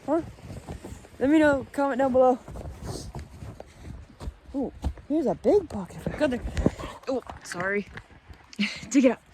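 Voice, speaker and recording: Out in the snow, a young woman films a casual vlog, chatting playfully and a bit breathlessly as she plays with and coaxes her dog. She speaks a little slowly in a high-pitched, expressive voice, pausing often, with background noise audible.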